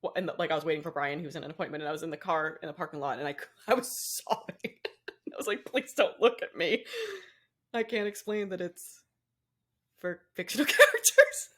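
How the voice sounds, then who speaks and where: A young woman chats casually as a podcast co-host. She rambles, cuts herself off mid-thought and breaks into laughter often. Her voice sits a little low. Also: very animated, fairly quick, fairly bright tone. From Boston area, US. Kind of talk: casual chat.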